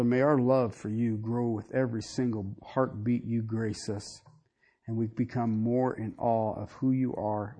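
Animated male preacher. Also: lowish voice, husky. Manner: animated preaching with jokes and sudden drops to soft prayer. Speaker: pastor. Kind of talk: sermon.

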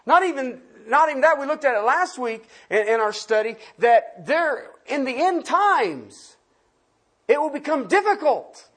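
A pastor teaching a Bible-study sermon, asking the listeners questions and swinging from loud emphasis to quiet asides. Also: sits high, sing-song, a little slow.

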